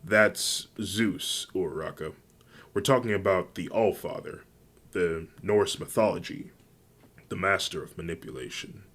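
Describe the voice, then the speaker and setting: A guarded young vigilante woman who talks in a plain, matter-of-fact way, as read by a man. The voice stays deep and close to a casual storyteller's own. A fan-made anime story. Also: measured pace, a bit bright, full character voice.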